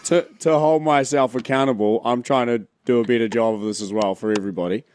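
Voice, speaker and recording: A man's voice: medium pitch, steady tone, quick pace, a little mellow, a little hiss or hum. A man co-hosting a podcast, self-deprecating and laughing as he chats casually. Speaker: podcast co-host. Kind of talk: casual chat.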